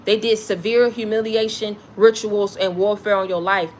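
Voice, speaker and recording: A woman's voice: medium pitch, level tone, normal speed, a little hiss or hum. Fiery woman preaching a spiritual message. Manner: preachy, repetitive, blunt and profane. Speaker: spiritual content creator.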